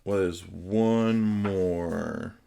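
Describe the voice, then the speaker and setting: Host with a very low voice doing a casual unboxing review, chatty and enthusiastic. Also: male voice, fairly even intonation, extremely slow, vocal fry, mellow, slight background noise. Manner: enthusiastic, chatty, with hesitant pronunciations. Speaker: host reviewing tabletop game books.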